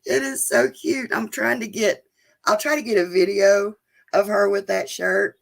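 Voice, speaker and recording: A woman's voice: medium pitch, unhurried, vocal fry. A woman, chatting casually and emotionally with viewers during a live stream. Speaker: vlogger hosting a live chat.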